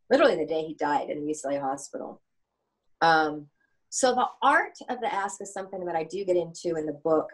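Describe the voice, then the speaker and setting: A woman in her sixties, a coach and author, answers interview questions with lively anecdotes. She slips into the voices of the people in her stories, speaking in a somewhat low register. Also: poor audio. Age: 60s. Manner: animated, anecdotal, acts out dialogue.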